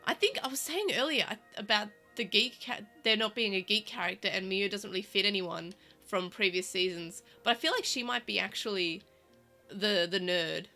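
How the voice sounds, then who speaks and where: A chatty Australian woman with bright, forward tone and South Australian-tinged vowels. She rambles casually with lots of fillers and restarts, at an everyday middle pitch, with faint music playing underneath. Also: normal speed. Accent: Australian, South Australian vowels, living in Melbourne. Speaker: podcast co-host. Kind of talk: casual chat.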